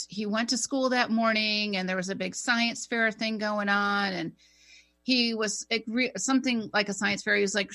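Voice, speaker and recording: A middle-aged woman co-hosting a radio talk show, telling a personal story in a chatty, rambling way. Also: medium pitch. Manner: animated, chatty, rambling with fillers.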